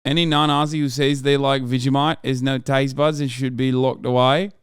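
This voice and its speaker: A man hosts a live stream, reacting to political clips with casual, profane, slang-heavy commentary and calling his chat "bro." His medium-pitched voice is clear and resonant, delivered at normal speed with animated energy, in a dry, clean studio recording.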